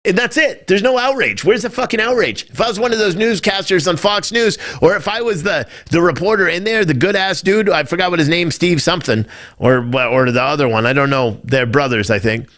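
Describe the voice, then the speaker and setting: A man's voice: high-pitched, expressive, brisk, a bit bright. A man hosting a live-streamed political talk show, ranting in a loose, profane way and breaking into mocking impressions.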